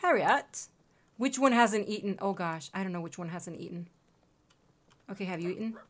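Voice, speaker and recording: A woman's voice: medium pitch, a little fast. A young woman streaming a game, chatting casually and cooing at her in-game pets. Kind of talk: casual gameplay commentary.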